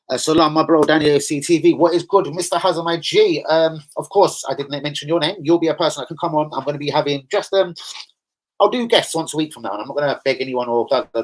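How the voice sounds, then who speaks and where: A man hosting a casual vlog, talking straight to his viewers in animated, streetwise slang and swearing as he rants. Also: mid-range voice, rough recording. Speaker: channel host.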